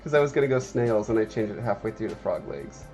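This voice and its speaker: A man's voice: lowish voice, big pitch swings, fast talker, a little mellow, faint music behind. A man hosting a livestream, chatting casually and joking with viewers. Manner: joking, wry, talks to chat viewers. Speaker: livestream host, artist.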